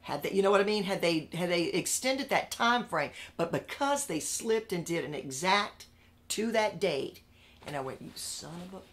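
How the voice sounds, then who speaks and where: A woman telling her story in a candid interview, animated and emphatic, repeating phrases for punch and swinging between loud outbursts and hushed asides. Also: lowish voice, moderate pace.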